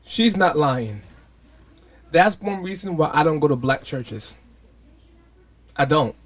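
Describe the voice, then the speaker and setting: A man's voice: on the high side, expressive, takes it slowly. A man co-hosting a podcast, commenting bluntly and sarcastically in casual talk. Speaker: podcast co-host.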